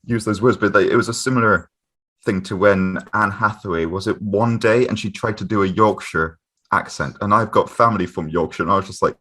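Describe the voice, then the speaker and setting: Very deep-voiced man, halting casual talk. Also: bright, forceful tone. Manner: halting, lots of "uh" fillers, laughs often. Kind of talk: casual chat.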